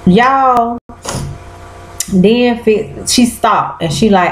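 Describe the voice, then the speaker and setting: A woman's voice: a little high, extremely slow, pauses often, roomy sound, a little hiss or hum, rough recording. A woman recapping a TV episode in casual chat, exclaiming and talking straight to her viewers in loose slang.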